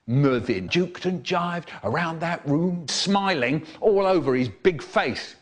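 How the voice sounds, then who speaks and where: This comedy remix features a man narrating a story with animated, theatrical delivery, taking it slowly while his quoted characters burst into high squeals or sink into hushed tones.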